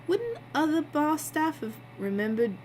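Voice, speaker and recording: Woman doing a calm male investigator. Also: high voice, slight background noise, voice pushed up, rough recording. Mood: probing. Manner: measured, questioning.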